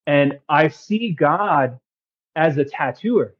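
A man with a fairly high voice tells his faith story on a podcast, earnest and excitable, dropping casual slang. The recording sounds a little dull and lo-fi. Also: slow pace, husky. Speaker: podcast guest. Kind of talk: casual testimony chat.

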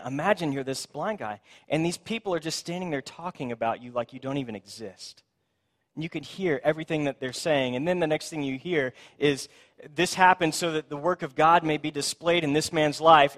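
A man preaching a sermon, telling the scripture story in a conversational, animated way and acting out the people in it. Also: fairly high pitch. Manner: conversational, asks "right?".

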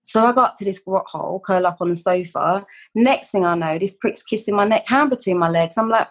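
A woman's voice: medium pitch, a little fast. A woman, a poet guest reading her work in a blunt, slangy voice and then chatting casually. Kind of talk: poetry reading and casual chat.

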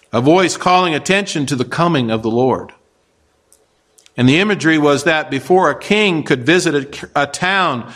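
A pastor preaching a sermon, explaining scripture with rhetorical questions and occasional fillers. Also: male voice, fairly high pitch, a bit bright. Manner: expository preaching with rhetorical questions and acted quotes; frequent fillers and restarts.

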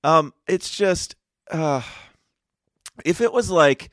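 A man's voice: fairly high pitch, lively intonation, takes it slowly, fairly bright tone, no room sound, clean studio sound. Rambling, laughing podcast host man. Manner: rambling, hesitant, laughs often. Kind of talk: casual news commentary chat.

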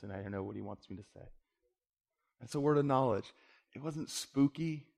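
A man preaching a sermon, telling a story with lively quoted dialogue and dropping to a quiet voice for the tender parts. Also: medium pitch. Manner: animated storyteller, voice drops quiet for emotional moments.

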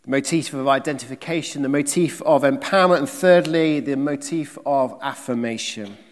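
A man preaching a sermon, emphatic, with rhetorical questions and swings between loud and soft delivery. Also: medium pitch, moderate pace, big-room sound.

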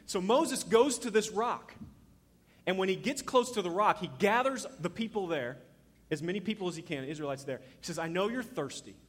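A man preaching a sermon as pastor, telling the story in an animated way and acting out the voices he quotes. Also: high-pitched, moderate pace, long reverb tail.

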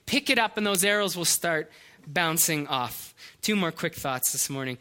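A man's voice: high-pitched, normal speed, bright, forceful tone. A middle-aged male pastor preaching a sermon, earnest and storytelling, with small hesitations and restarts.

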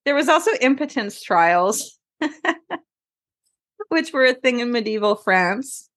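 A woman's voice: a little high, lively intonation, slow, a bit bright. A woman co-hosting a casual podcast, loose and wisecracking, laughing as she reads her notes. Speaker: podcast co-host.

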